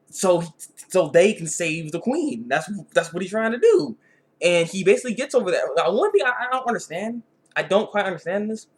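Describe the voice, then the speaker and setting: A man with a slightly high voice talks through a casual video review. He rambles, repeats himself and restarts his sentences often. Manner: rambling, repetitive, frequent restarts.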